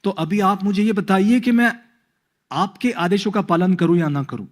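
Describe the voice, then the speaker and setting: A man playing a cheeky young son who quizzes his father in a rapid, excited rush. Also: sits high, pitched above the performer's own voice, close to an everyday voice. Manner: rapid, excited, talking fast.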